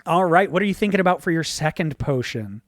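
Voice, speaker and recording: A man narrating a tabletop game as game master, relaxed and rambling with fillers. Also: on the high side, quick pace, no room sound, studio quality.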